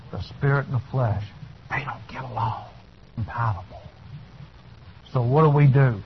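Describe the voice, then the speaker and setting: A male preacher delivering a fiery sermon, shouting his points and then dropping to low asides, in a dull lo-fi recording. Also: husky.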